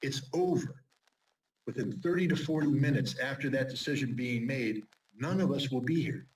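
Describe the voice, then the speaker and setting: A man's voice: medium pitch, normal speed, darkish tone. A man as an interview guest, giving urgent, emphatic warnings in a commentary style. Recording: distant mic with faint noise.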